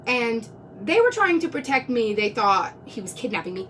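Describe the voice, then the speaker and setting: A woman's voice: high-pitched, very animated, normal speed, a bit bright, recorded from a distance, a little hiss or hum. A woman talking earnestly on a live stream, close to tears, rambling and restarting her sentences. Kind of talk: emotional live-stream monologue. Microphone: phone.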